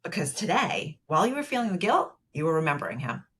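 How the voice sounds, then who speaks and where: A woman's voice: lowish voice, big pitch swings, fast, fairly bright tone, breathy edge. A woman therapist who is a podcast guest, explaining things at length with many fillers and acting out the dialogue from a client story. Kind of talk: conversational podcast interview.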